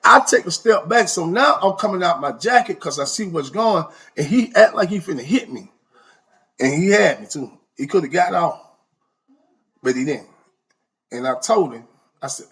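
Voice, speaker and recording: A man telling an animated, slang-heavy story in a casual way, his voice leaping up for emphasis. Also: a little high, normal speed, long pauses, breathy edge. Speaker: storyteller recounting prison life.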